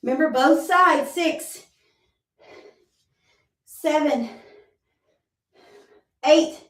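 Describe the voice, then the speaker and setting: A woman's voice: high voice, very slow, fairly bright tone. Breathless woman counting workout reps. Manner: counts reps aloud, encouraging and reassuring. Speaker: fitness instructor. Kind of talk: live workout class instruction. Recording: roomy sound, mic at a distance.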